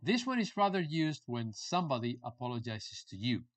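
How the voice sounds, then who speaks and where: A man teaches English in a live online class, his pitch rising and falling widely as he speaks. He says example phrases slowly and repeats them for learners, with a light, self-mocking manner. His voice sits at a middle pitch for a man. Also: sing-song.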